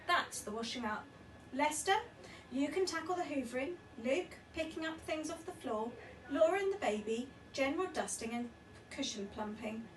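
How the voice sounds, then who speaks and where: A woman voicing a cheerful, bossy father who gives brisk commands to his family. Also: high voice, reverberant, recorded from a distance, slight background noise. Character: bossy cheerful dad taking charge.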